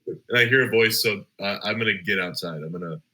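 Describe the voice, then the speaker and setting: A man's voice: lowish voice, fairly quick, pushed and bright, low-quality recording. A man taking his turn as a player in a tabletop game, casual and hesitant, with many fillers.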